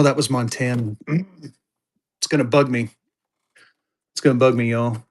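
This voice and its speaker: A man, chatting casually to viewers as a live-stream seller and thinking aloud as he digs through his stock. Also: mid-range voice. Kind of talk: casual live auction chat.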